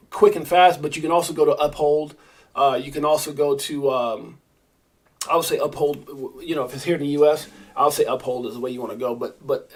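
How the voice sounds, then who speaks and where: Animated New man hosting a live stream. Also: on the high side. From Brownsville, Brooklyn, New York. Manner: animated, rambling, addresses chat viewers by name. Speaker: crypto livestream host. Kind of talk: live-stream commentary reading viewer chat.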